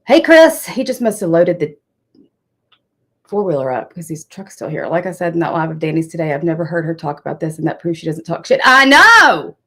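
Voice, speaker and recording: A woman's voice: low-pitched, fairly even intonation, fast, vocal fry, warm tone, husky. Chatty woman hosting a livestream. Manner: chatty, reads and answers chat, swears when annoyed. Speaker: livestream host. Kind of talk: casual livestream chat.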